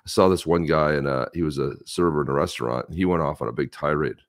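A man's voice: a bass voice, quick pace. A man co-hosting a casual talk show, telling stories in a rambling way with many restarts. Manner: jumps between voices for quoted people. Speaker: co-host. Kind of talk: casual chat.

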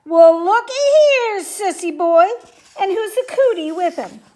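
A woman voicing a loud, sneering schoolboy bully in a storybook reading, booming and taunting. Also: fairly quick, slight background noise, lightly acted.

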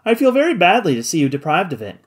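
In an audiobook, a reader voices a loyal, plucky young manservant who stays eager, cheerful, and cool under danger. The medium-pitched delivery is fast, very animated, and lightly acted.

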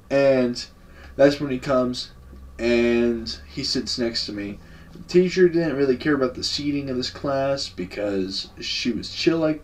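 A young man recounts a story in casual vlog style, loose and full of slang and profanity. His voice sits at an ordinary pitch for a man. He is recorded from a little distance away from the microphone. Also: darkish tone. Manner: laid-back, slangy and profane. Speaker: vlogger. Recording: voice a bit far from the mic.

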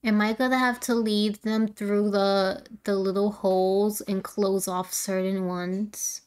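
A woman's voice: medium pitch, flat delivery, takes it slowly, darkish tone, clear, resonant tone. A woman streaming a video game, chatting in a giggly way and thinking aloud as she plays. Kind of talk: casual let's-play commentary.

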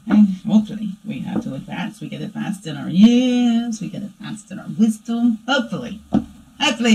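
A woman voicing her own playful alter-ego dark side, giving a rambling, chatty spiritual reading that keeps asking "right?". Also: medium pitch, natural voice, low-quality recording. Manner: rambling and chatty, tagging "right?" onto lines. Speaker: spiritual reader. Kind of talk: spiritual daily energy reading.

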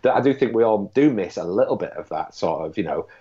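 A casting director chatting easily and rambling through anecdotes in a fairly low voice. The sound is dull and lo-fi, like a video call. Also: male voice, animated, quick pace, mellow. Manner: chatty and anecdotal, many fillers. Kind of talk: casual chat.

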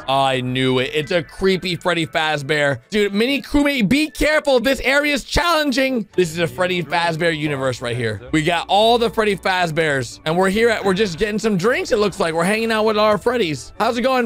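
A young man giving excited reaction commentary on a video, exclaiming loudly and calling his viewers "boys" and "bro". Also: sits high. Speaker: YouTuber reacting to an animation.

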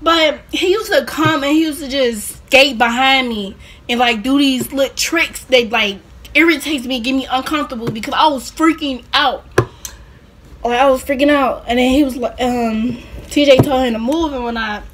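Young woman, high voice, casual storytime vlog, rambling, lots of fillers, slight background hiss. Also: moderate pace, fairly bright tone. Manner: rambling, laughing, many fillers. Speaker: vlogger.

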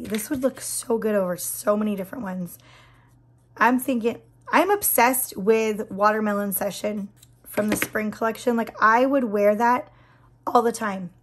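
A slightly high-voiced woman in her thirties with a hoarse, scratchy throat chats casually as she paints her nails. She gushes with lots of fillers, and her voice keeps dropping into breathy whispers. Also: measured pace. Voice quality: breaks into whispers. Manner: chatty, gushing, many fillers. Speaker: nail vlogger. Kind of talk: casual chat while doing a manicure.

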